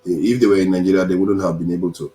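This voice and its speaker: Man, lowish voice, livestream host, easygoing and teasing, roomy echo. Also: fast talker. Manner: relaxed, teasing, calls on speakers by name. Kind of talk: livestream panel moderation.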